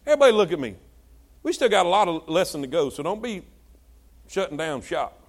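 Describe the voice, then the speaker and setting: Very animated and fairly quick, a male pastor preaches to his congregation and prompts them for responses. His delivery alternates between shouted exhortations and quiet, hushed asides.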